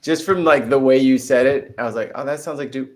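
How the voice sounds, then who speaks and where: A man's voice: medium pitch, a little fast, a little mellow. A man joking and giggling as a guest in a casual online group chat.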